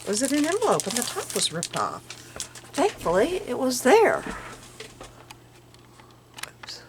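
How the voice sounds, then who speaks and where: An older woman chatting casually at home as she shows off her craft finds, musing aloud and sometimes dropping into soft murmurs. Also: fairly high pitch, wildly swooping pitch, a little slow. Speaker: crafting vlogger. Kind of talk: casual show-and-tell chat. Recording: audible background noise.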